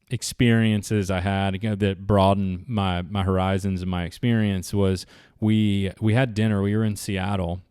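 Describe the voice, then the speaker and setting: A man's voice: fairly low pitch, a little mellow, clear, resonant tone, no echo, clean studio sound. A man, telling rambling travel stories to camera in a casual, chatty way. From Southeastern United States. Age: 40s. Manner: rambling, chatty, with many restarts and fillers. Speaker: vlogger. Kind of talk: casual storytelling.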